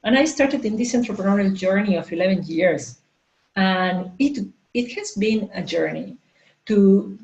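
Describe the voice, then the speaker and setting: A woman in her forties, a coach and entrepreneur, telling a candid personal story at a live talk, halting with many fillers and restarts. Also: medium pitch, darkish tone, roomy sound, rough recording. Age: 40s.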